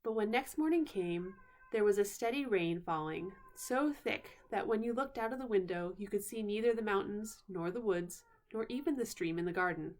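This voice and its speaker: A woman reading a bedtime story aloud in an unhurried way, pausing now and then to explain words. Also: medium pitch, lively intonation, a little mellow.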